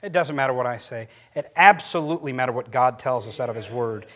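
This male pastor, middle-aged, preaches at a quick clip with a mid-range voice. His sermon is full of lively stories, with his pitch rising on each quoted line.

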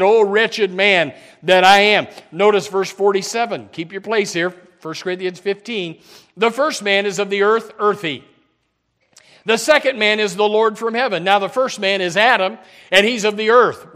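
A man's voice: high-pitched, a bit bright. A man preaching a folksy, humorous sermon as a pastor, often saying "amen" and building up emphasis.

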